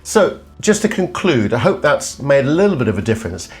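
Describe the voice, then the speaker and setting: A man's voice: medium pitch, big pitch swings, fairly quick, a little mellow. Man coaching voice, faint music behind. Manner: demonstrative, hums and sings examples. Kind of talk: vocal exercise lesson.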